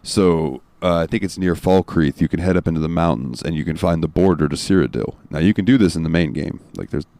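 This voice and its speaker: A man hosting a gaming podcast, talking in a relaxed, rambling way with fillers and the odd swear word. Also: deep voice, brisk, hardly any pauses, dry recording. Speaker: podcast host. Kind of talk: casual chat.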